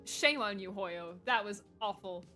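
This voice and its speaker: A young woman streamer reacting to a game story in casual, excitable, gushing talk. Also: mid-range voice, unhurried, faint music behind.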